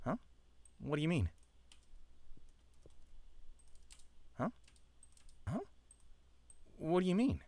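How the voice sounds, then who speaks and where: A man's voice: a little high, very animated, warm tone, slight background noise. An actor voicing a defensive young man who insists he is harmless, recorded as game voice-over takes on a studio mic. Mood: confused. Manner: defensive, quick to deny.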